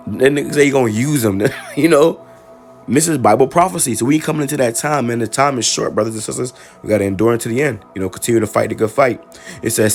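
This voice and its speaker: A man giving an informal sermon who reads Bible verses slowly and then explains them in casual slang, with many stammered restarts. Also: mid-range voice, faint music behind. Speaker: preacher. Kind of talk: informal scripture-reading sermon.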